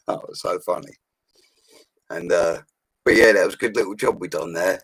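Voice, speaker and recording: A man's voice: sits low, moderate pace, long pauses, a bit bright, no room sound, poor audio. A man of forty with a London accent, telling stories about his bricklaying work in a casual, blunt way. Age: 40s. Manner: chatty and blunt, with slang and mild swearing. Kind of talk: casual storytelling livestream.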